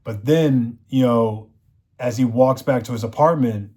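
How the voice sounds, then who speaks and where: A man's voice: medium pitch, measured pace, darkish tone. A man reviewing a TV show, recapping the plot in a rambling, casual way, full of "you know" fillers.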